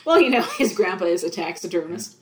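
A woman's voice: on the low side, expressive, fairly quick, darkish tone, echoey room. A woman co-hosting a casual movie commentary. She is giggly and laughs often. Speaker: podcast co-host.

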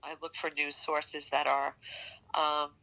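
Gravelly New York woman in her sixties. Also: deep voice, little pitch movement, pushed and bright, poor audio. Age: 60s. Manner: halting, searching for words with many fillers. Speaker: guest. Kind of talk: casual interview conversation.

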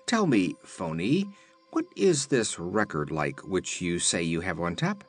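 A man's voice: low voice, wildly swooping pitch, a little slow, slightly rough, soft background music, full character voice. A man voicing a stern, reproachful wanderer in a storybook reading. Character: stern kindly shaggy wanderer, grown man.

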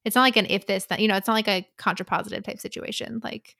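Bright-voiced young woman, dry close sound. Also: medium pitch, steady tone, fast talker, gravelly, no room sound. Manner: chatty, tries out character voices and accents. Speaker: podcast co-host. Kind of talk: casual book chat.

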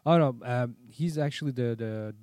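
A man's voice: mid-range voice, normal speed, darkish tone, no echo, clean studio sound. A man telling a long story in casual chat, acting out quotes and swearing often.

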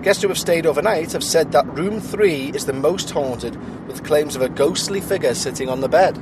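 A man's voice: on the high side, normal speed, background noise. A playful man hosting a ghost-hunting vlog, chatting and reading out spooky local lore while riding in a car. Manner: jokey and playful. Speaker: vlogger and ghost-hunt host. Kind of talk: casual chat and reading out notes. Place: moving car.

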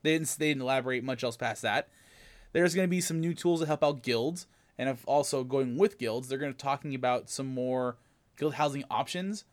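A man co-hosting a gaming podcast, recapping news in an excitable, rambling way. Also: medium pitch, moderate pace. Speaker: podcast co-host. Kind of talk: casual gaming podcast chat.

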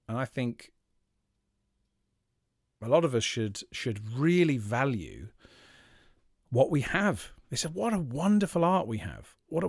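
A man hosting his own podcast, talking reflectively and haltingly with many fillers and restarts. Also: medium pitch, vocal fry, no room sound, clean studio sound. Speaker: podcast host, magician. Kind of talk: reflective solo podcast talk.

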